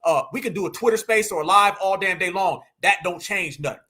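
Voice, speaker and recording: High bright-voiced guy ranting on a livestream, keeps saying fam, preachy. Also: a little fast. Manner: preachy, repetitive, calls audience fam. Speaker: livestream host. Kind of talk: fiery political livestream rant.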